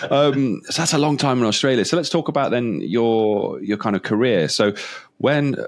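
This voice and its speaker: A man's voice: medium pitch, animated, moderate pace. A man hosting an interview podcast, chatting casually with friendly, joking banter over a video call. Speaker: podcast host.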